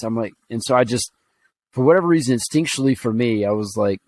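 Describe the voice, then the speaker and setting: A man's voice: mid-range voice, a little fast, a little mellow. Earnest rambling man from Alabama. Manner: earnest, rambling, with many fillers and restarts. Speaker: podcast co-host. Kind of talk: casual podcast storytelling.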